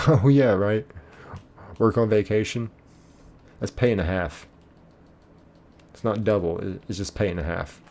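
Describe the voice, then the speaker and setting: A man's voice: fairly low pitch, a little slow, pauses often, darkish tone. A man streaming a game, casually reading chat messages aloud, laid-back and chuckling.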